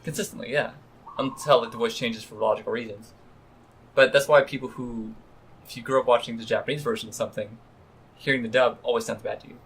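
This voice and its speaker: A man co-hosting a podcast, talking quickly and laughing easily in casual chat. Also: mid-range voice, fairly even intonation, a bit bright, husky. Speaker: podcast co-host.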